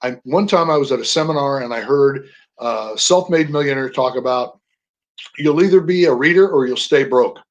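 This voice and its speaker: A man's voice: mid-range voice, normal speed, dull audio. Older man telling stories with energy. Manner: storytelling, animated emphasis on words. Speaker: guest, veteran. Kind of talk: radio interview.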